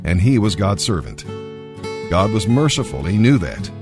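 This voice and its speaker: A man reading scripture and giving devotional commentary in an earnest, expressive way. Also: fairly low pitch, normal speed, over music. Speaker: Bible reader and devotional speaker.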